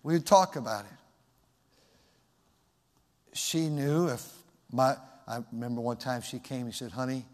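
A man's voice: medium pitch, unhurried, pauses often, darkish tone. Man preaching in a reverberant hall. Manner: folksy, reflective storytelling. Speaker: pastor. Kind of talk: sermon.

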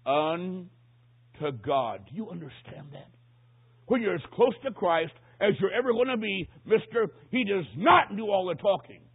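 A man preaching a sermon as he tells a story, swinging dramatically from hushed tones to shouts. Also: on the high side, breathy edge. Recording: tinny phone-line sound.

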